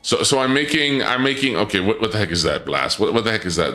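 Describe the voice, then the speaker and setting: A man live-streaming, chatting with his viewers in an excitable, stammering way, his voice often leaping up when surprised. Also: fairly low pitch, fast talker. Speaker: livestreamer. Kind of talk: live-stream chat banter. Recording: echoey room with game music behind.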